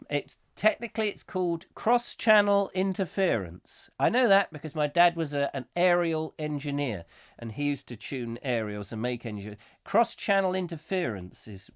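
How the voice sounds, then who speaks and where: A man with a cold hosting a live stream, rambling casually and reading out viewer comments. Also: on the high side. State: has a cold. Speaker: livestream host.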